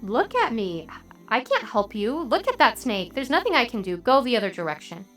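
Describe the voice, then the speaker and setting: A woman's voice: fairly high pitch, big pitch swings, normal speed, a bit bright, soft background music. A woman voicing a frail, weak elderly man who wearily says he cannot help, in a told story. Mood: resigned.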